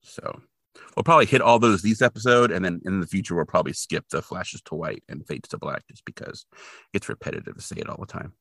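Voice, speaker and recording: A man's voice: deep voice, animated, brisk, a bit bright, slightly rough, no echo, studio quality. A man co-hosting a podcast, retelling a TV episode in casual, rambling chat with lots of fillers. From Portland, Oregon resident since 2003. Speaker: podcast co-host.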